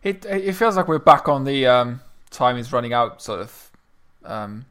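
Male podcast co-host, dry and halting, lots of ums, casual chat. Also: mid-range voice, very animated, a bit bright, clean tone. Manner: dry, halting, with many fillers.

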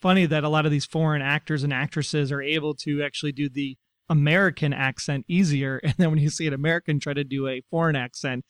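A man's voice: a little high, fairly even intonation, fast talker, few pauses, smooth, no echo, studio quality. A man co-hosting a casual talk show, reading listener messages with a wry delivery. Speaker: podcast co-host. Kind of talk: casual chat.

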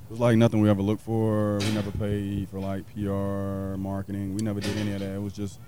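A man's voice: fairly low pitch, monotone, quick pace, background noise. A man from South Carolina, a pitmaster, telling his story in a casual interview, rambling with many fillers. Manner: rambling, many fillers, acts out quoted people. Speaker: pitmaster and restaurant owner.

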